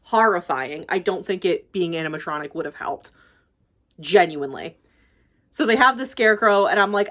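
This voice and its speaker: A woman's voice: on the low side, lively intonation, moderate pace, fairly bright tone. Young woman gushing through a movie recap. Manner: rambling, gushing, swears freely, many fillers. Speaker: YouTuber.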